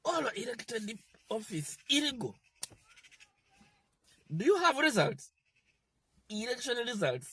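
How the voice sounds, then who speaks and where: A man delivers a defiant political rant, scolding and mocking as he goes. His voice sits fairly high and swings widely in pitch. The sound is dry and close. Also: big pitch swings, a little slow, long pauses, fairly bright tone, breathy edge, no room sound. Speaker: political commentator.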